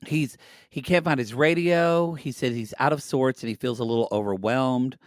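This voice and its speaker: A man's voice: medium pitch, normal speed, dry recording. Campy joking man, dry sound. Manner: rambling, self-interrupting. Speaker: podcast co-host. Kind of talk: casual recap chat.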